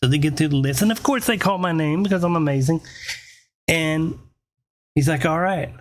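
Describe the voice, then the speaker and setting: A man's voice: fairly high pitch, moderate pace. Profane man telling stories. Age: 40s. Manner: profane, animated, rambling storyteller. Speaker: host. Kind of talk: comedic rant storytelling.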